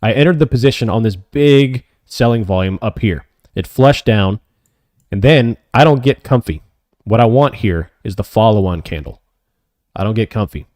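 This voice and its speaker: A man hosting a live options trading stream, calling his trades as they happen and answering chat questions, often excited. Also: on the low side, moderate pace, no room sound, clean studio sound. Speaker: options trading livestream host.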